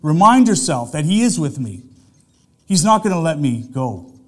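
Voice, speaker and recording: A man's voice: a little high, big pitch swings, normal speed. A middle-aged man, a pastor, preaching a sermon in a conversational way, full of rhetorical questions to the congregation.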